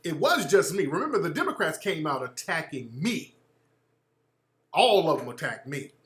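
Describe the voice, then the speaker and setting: A man rants through a political commentary monologue, blunt and profane. His voice sits a little high and cuts through brightly, and an echoey room rings around him. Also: normal speed. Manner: blunt, profane, animated ranting. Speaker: radio show host.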